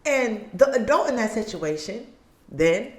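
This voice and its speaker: A woman's voice: a little high, animated, measured pace, a little mellow, echoey room. Earnest woman preaching self-acceptance. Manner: earnest, preachy, acts out little scenes. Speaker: podcast host. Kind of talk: motivational talk. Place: living room at home. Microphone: studio mic.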